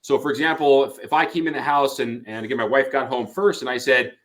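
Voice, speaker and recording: A man's voice: medium pitch, fast, hardly any pauses. A man, a couples therapist, giving an explanatory lecture and acting out short example dialogues. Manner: animated, acts out example dialogue.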